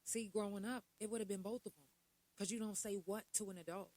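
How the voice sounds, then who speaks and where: Her voice is medium-pitched, steady and darkish, running a little fast as this middle-aged woman casually addresses her podcast audience with rhetorical questions and asides. The recording is dry but poor in quality.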